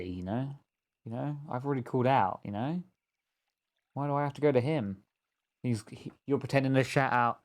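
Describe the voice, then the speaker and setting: Two friends play a hunting game on stream, and this co-player, a man with an ordinary middle-pitched voice, banters loosely at normal speed. He drifts from one joke to the next and laughs a lot.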